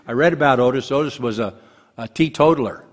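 An older man in his seventies preaches in a loose, joking way, often stopping to restart his sentences. His voice sits at an ordinary pitch, and a long reverb hangs behind every phrase, as in a big church sanctuary. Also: a little fast. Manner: rambling, humorous, restarts often. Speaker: pastor. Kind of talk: folksy sermon.

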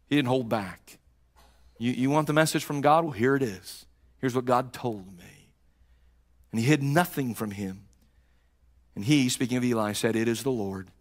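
A male preacher delivering a sermon as a dramatic story. He acts out the characters and moves from loud, raised passages to hushed ones. He often repeats words and restarts phrases. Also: medium pitch.

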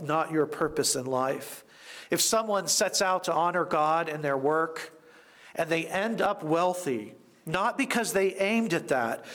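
Slow, measured male preacher. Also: on the high side, fairly bright tone. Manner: measured, deliberate preaching with emphatic repetition. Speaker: pastor. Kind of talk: sermon.

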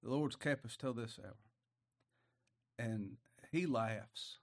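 A man preaching a sermon in a folksy, emotional way, dropping quiet and then rising loud. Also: mid-range voice, slow pace, long pauses.

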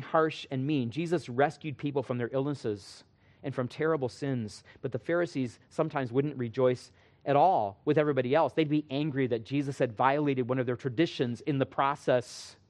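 A man preaching a sermon as pastor, earnest, swinging between emphatic rising lines and quiet asides to his congregation. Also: mid-range voice.

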